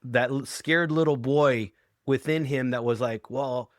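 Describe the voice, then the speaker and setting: A man's voice: medium pitch, measured pace, no echo, studio quality. A middle-aged man, a hypnotherapist and author, speaking earnestly and reflectively as an interview guest. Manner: earnest, reflective, acts out quoted lines. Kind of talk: conversational interview.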